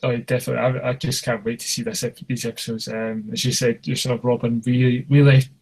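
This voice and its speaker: Man from the UK, 30s, gravelly, husky, enthusiastic podcast chat. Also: mid-range voice, level tone, fairly quick, darkish tone, rough recording. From United Kingdom. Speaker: podcast co-host.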